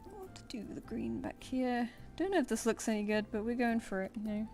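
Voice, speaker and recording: With faint music in the background, this streamer draws and chats, answering her viewers' comments as she thinks aloud. Her fairly high, slightly mellow voice moves briskly with lively intonation.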